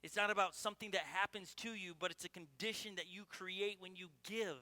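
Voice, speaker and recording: A man's voice: high voice, fairly even intonation, fairly quick, sharp tone, no echo. A middle-aged man preaching a sermon, telling personal stories in an earnest way, with frequent restarts. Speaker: pastor.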